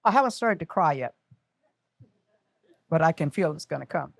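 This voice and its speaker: A woman's voice: sits low, animated, moderate pace, creaky, no room sound, clean studio sound. An older woman telling an emotional personal story on stage, candid and self-mocking. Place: community center event.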